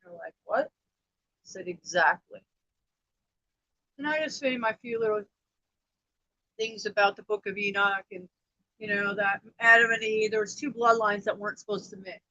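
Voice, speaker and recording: A woman's voice: mid-range voice, normal speed, pauses often, pushed and bright, no echo, highs cut off. An emotional woman in her thirties, rambling on a personal livestream about her family, upset and close to tears. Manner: rambling, emotional, repeats herself. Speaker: livestream host.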